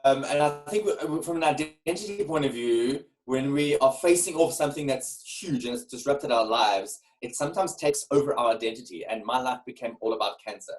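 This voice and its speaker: A man in his forties telling a candid personal story as a podcast guest, earnest and animated, often repeating words as he starts a phrase. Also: mid-range voice, fairly quick, few pauses, faint music behind, low-quality recording. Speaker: guest, keynote speaker.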